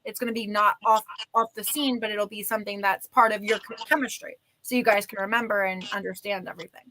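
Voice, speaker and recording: A woman's voice: medium pitch, steady tone, quick pace, bright, forceful tone, a little hiss or hum, low-quality recording. A woman hosting a casual interview show, asking follow-up questions and encouraging her guest. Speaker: show host.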